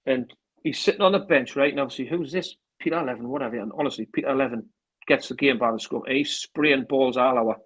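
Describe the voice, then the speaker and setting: Husky North East English man telling stories. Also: mid-range voice, fast talker, fairly bright tone, rough recording. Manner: rambling storyteller acting out phone calls with repeated "I says". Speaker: interview guest, former club manager. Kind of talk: casual anecdote telling.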